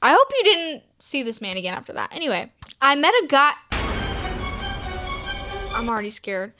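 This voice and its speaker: High-voiced woman reacting to stories. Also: normal speed, music in the background. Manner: animated, swears freely, laughs often. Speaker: storytime vlogger. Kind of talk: reading and reacting to viewer stories.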